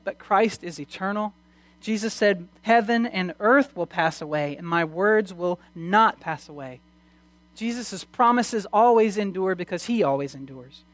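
Preacher mid sermon, goes soft then punchy, stumbles and restarts, reads verses slow, dry sound. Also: medium pitch, no echo. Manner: swings between hushed and loud, emphatic; reads scripture aloud slowly.

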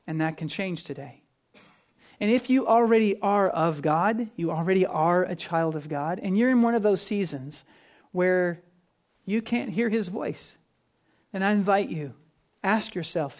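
A man preaching with earnest conviction. His voice climbs to emphatic, louder peaks, then falls back to a low, quiet delivery. It has the steady rhythm of a sermon. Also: moderate pace. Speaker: pastor.

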